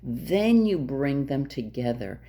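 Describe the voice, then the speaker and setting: A woman dog trainer explains her methods in a direct, emphatic manner, often repeating herself to drive the point home. Her voice sits low and mellow with a gravelly edge. Her pitch swings widely from phrase to phrase. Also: very animated, takes it slowly. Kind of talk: instructional talk to camera.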